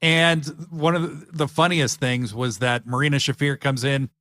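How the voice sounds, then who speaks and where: A man's voice: mid-range voice, moderate pace, a bit bright, no room sound. A man hosting a podcast, chatting eagerly and rambling with lots of fillers. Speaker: podcast host. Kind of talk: casual chat.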